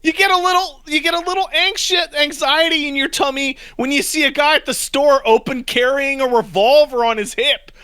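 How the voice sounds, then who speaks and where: A man's voice: very high-pitched, a little fast, few pauses, bright, forceful tone, dry recording. A man co-hosting a casual podcast, blunt and profane as he rants. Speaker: podcast co-host.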